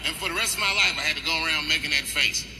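A man doing stand-up comedy, profane and animated, swinging between loud and quiet. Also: fairly high pitch, racing, background noise. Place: live comedy venue. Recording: roomy hall reverb with music.

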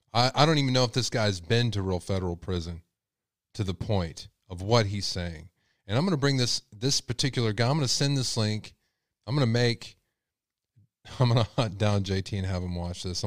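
A low-pitched man hosts a true-crime podcast with a sarcastic, restless edge. He talks straight to his listeners, jumping from point to point. The sound is dry and close, with no room around him. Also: moderate pace, no echo. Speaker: podcast host. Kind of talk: casual true-crime commentary.

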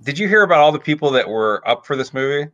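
A man's voice: a little high, expressive, fast, a bit bright, no room sound, highs cut off. A man co-hosting a movie podcast, chatting casually with a wry, joking manner. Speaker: podcast co-host.

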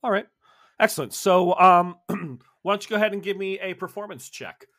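A man hosts and narrates a tabletop game in a loose, chatty way, circling back and restarting his sentences. His voice sits slightly high for a man. The recording is dry and close. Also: moderate pace, a bit bright, no echo. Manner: casual, rambling, with many fillers and restarts. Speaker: game master.

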